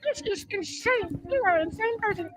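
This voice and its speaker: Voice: very high-pitched, animated, normal speed, fairly bright tone. A person heard in a played interview clip, talking in a rambling, provocative way.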